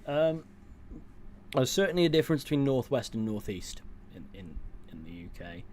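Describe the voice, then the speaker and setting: A man with a mid-pitched voice chats casually on a livestream. He reads viewers' comments aloud and answers them in a dry, offhand way. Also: very animated, normal speed, a little mellow, a little hiss or hum. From England. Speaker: streamer reading chat.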